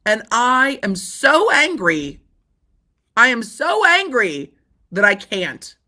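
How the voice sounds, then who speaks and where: A woman acting out an indignant man ranting to his lawyer, slow emphatic outraged delivery, swearing, bright forceful tone, lifting a little in pitch. He sounds fed up and insistent. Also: big pitch swings, heavily acted.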